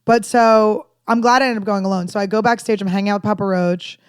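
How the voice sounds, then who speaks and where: Woman comedian, thirties, rambling candid storyteller, dark humor, dry close mic. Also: mid-range voice, steady tone, fast talker, smooth, no echo. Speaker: comedian guest. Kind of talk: casual podcast chat.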